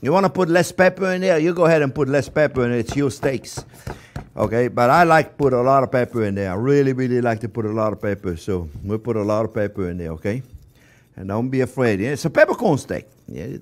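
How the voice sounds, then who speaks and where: An older man hosting a cooking show, demonstrating a recipe in an animated, emphatic way, repeating words for stress and calling his viewers friends. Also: medium pitch, quick pace. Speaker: chef and cooking show host.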